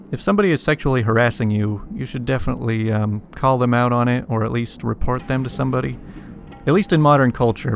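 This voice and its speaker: A man's voice: medium pitch, vocal fry. A man casually reading online stories aloud and stopping to comment on them. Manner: casual, stops to comment and apologize for the text. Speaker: story reader and YouTuber.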